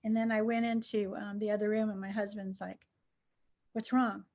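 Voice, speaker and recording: A middle-aged woman, a guest storyteller, telling a casual anecdote in an animated way and laughing through it. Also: mid-range voice, brisk.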